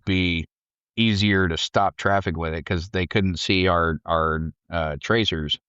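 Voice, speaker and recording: A man's voice: unhurried, clean tone, no room sound, lo-fi sound. A man telling war stories in casual conversation, swearing freely and acting out quotes in a raised voice. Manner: profane, animated, acts out quotes in a shouted high voice. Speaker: podcast guest, Marine veteran. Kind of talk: casual storytelling.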